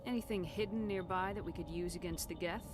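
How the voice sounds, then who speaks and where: A woman's voice: on the low side, quick pace, lightly acted. An actress playing a stern female military commander who questions people firmly. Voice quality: firm, demanding. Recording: game audio over music.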